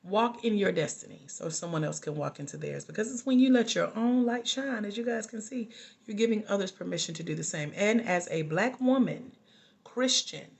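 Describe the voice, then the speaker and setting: A woman's voice: mid-range voice, normal speed, gravelly. Chatty woman life coach at home. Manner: chatty and animated, often laughing. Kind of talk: casual live-stream chat with viewers.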